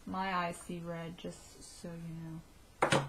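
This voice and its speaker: A woman vlogging a casual video diary, excitable and giggly, rambling from one thought to the next. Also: on the low side, slow, very noisy.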